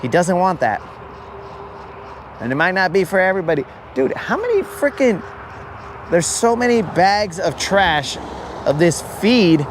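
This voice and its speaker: A man's voice: sits high, very animated, unhurried, pauses often, background noise. A man chatting casually on a live fishing stream, rambling and joking as he acts out imagined callers. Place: outdoors on a lake.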